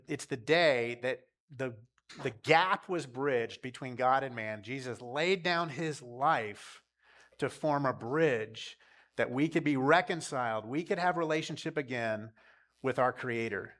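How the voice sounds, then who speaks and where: A man's voice: medium pitch, normal speed, a bit bright. A man preaching a sermon to his church in an earnest, conversational way. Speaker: pastor.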